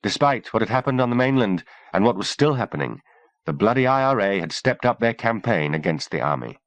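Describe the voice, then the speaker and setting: Recorded dry, a man with a fairly low voice narrates an audiobook in a measured, expressive reading.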